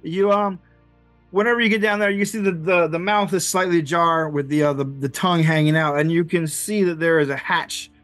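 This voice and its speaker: A man narrating as game master in a tabletop game. He talks haltingly, with frequent fillers, restarts and laughter. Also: fairly high pitch, fairly even intonation, a bit bright, no echo, soft background music.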